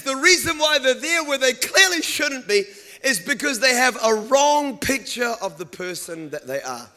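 Male preacher, high voice, animated and funny, live sermon with sound effects. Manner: animated storytelling with humor. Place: room with a live congregation.

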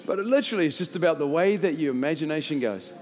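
A male pastor preaches from the stage of a large church hall, his fairly high voice trailing a long reverb. He tells stories in a lively, joking way and pushes up into shouted climaxes. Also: fast. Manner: animated, jokey storyteller who shouts into loud climaxes. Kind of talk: sermon with storytelling.

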